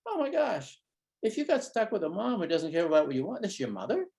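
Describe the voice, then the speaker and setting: A man giving a conference keynote, acting out talks with a child in a gentle, wondering tone. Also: high-pitched, fast, vocal fry. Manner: animated, acts out conversations with a child in a gentle, wondering tone. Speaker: keynote speaker, psychologist. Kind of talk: conference lecture with acted-out dialogues. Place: conference hall.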